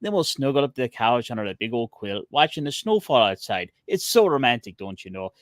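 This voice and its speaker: A man's voice: mid-range voice, sing-song, brisk, dry recording, clean studio sound, natural voice. A man putting on a cozy, folksy man.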